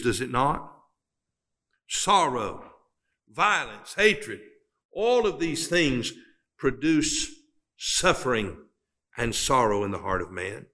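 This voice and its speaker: A man preaching a sermon who pauses dramatically, builds to emphatic climaxes and reads scripture in old-fashioned wording. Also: mid-range voice, very animated, bright, forceful tone.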